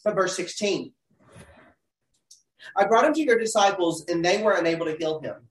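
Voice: medium pitch, animated, normal speed. A Bible study leader teaching a group, earnest, posing questions and building to emphatic peaks. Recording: roomy sound from a distance.

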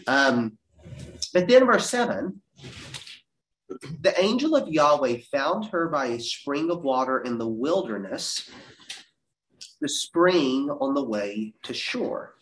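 A man's voice: takes it slowly, pauses often. Guy teaching bible class, reads verses all dramatic, roomy echo. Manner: animated, dramatic scripture reading with big pitch leaps.

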